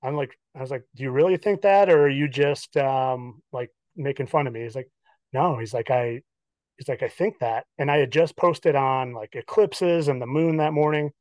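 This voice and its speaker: A man's voice: medium pitch, normal speed, no echo. A young man telling a long personal story on a podcast as a guest, acting out what people said, with lots of "like" fillers. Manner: animated, acts out quoted dialogue, many "like" fillers. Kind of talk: casual storytelling chat.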